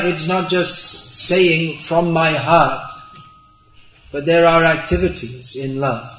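A man teaching as a spiritual speaker, answering audience questions slowly and deliberately with gentle humor. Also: on the high side. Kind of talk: religious talk with audience Q&A. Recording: roomy dull hall recording.

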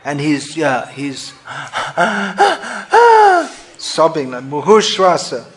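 High-voiced man giving a slow scripture talk. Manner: thoughtful, self-correcting, acts out scenes. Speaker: speaker explaining scripture.

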